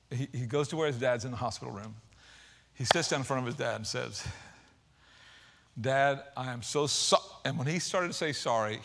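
A man preaching a sermon, retelling a story with emphatic swings between loud outbursts and hushed, quiet passages. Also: mid-range voice, creaky.

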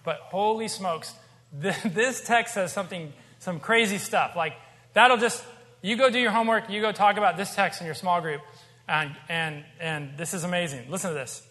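A man's voice: sits high, moderate pace, sharp tone. A man preaching a sermon as pastor, conversational and emphatic, with joking asides. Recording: long hall reverb.

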